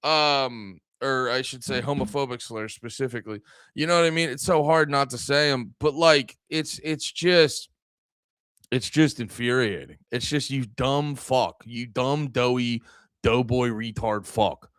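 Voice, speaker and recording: Male streamer host, heated profane rant, smooth resonant voice, dry close sound. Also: medium pitch, unhurried, fairly bright tone, dry recording. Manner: angry, profane, rambling with frequent restarts. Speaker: livestream podcast host. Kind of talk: ranting livestream talk.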